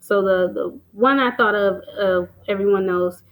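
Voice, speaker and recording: A woman's voice: mid-range voice, measured pace, poor audio. A woman teaching a lesson on poetry terms, explaining them patiently with many "um"s and "so"s and reading short example lines aloud. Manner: plain, patient explaining with frequent "um" and "so".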